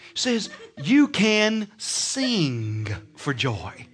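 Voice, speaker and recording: A man preaches with a high, bright voice that leaps up and down in pitch. He tells homely stories, breaks into laughter and shouts his praises. His delivery is animated and full of sudden swings. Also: very slow, breathy edge. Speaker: pastor. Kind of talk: sermon.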